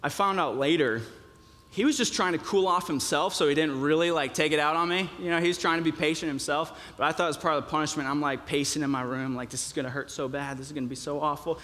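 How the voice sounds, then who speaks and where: Young male preacher, slightly high voice, chatty sermon delivery full of fillers, big hall reverb. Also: fast talker, pushed and bright. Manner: conversational, with many fillers and restarts.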